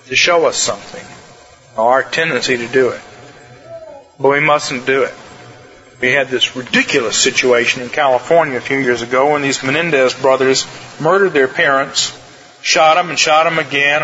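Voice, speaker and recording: A man preaching a sermon as pastor, earnest and emphatic, with slow stresses and quick asides. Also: on the high side, bright, forceful tone, highs cut off.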